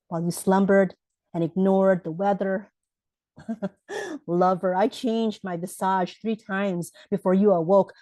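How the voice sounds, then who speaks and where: A woman's voice: mid-range voice, dark tone, dry recording, poor audio. A woman reading her own poem aloud with a lyrical, dramatic delivery. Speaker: poet reading her work.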